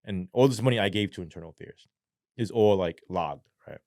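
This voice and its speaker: Profane storytelling ex-cop, low voice. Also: male voice, a little fast, no echo, clean studio sound. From New York. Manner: profane, animated storytelling with acted quotes. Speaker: podcast guest, former police sergeant. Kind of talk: casual storytelling interview.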